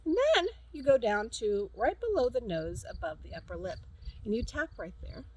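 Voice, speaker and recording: A woman's voice: a little high, big pitch swings, moderate pace, a little mellow, a little hiss or hum, poor audio. A middle-aged woman, a counselor, casually demonstrating a tapping technique outdoors, chatty and repeating short cue phrases, with an easy laugh. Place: outdoors at a farm.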